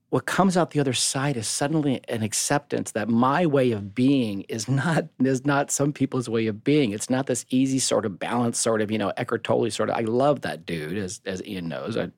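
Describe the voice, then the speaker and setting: A man's voice: mid-range voice, darkish tone, dry recording. Give me a blunt middle-aged man in a dry recording, co-hosting a podcast with frank, emphatic talk. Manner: blunt, swears freely, emphatic. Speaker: podcast co-host. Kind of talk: candid personal talk.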